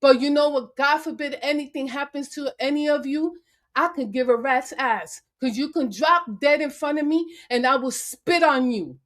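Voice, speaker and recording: A woman with a high voice rants furiously on a live-stream panel. She is confrontational, curses freely and hammers her challenges over and over. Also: normal speed. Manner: angry, confrontational, cursing; repeats taunts and challenges. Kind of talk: heated live-stream rant. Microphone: remote call into a live stream.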